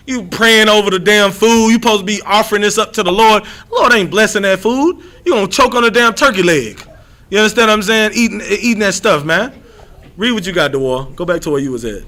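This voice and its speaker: Man, scripture teacher, high voice, bright tone, slangy, emphatic, restarts sentences. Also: brisk. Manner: emphatic, drags out repeated quotes, restarts a lot; slangy and blunt. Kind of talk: street-style scripture lesson.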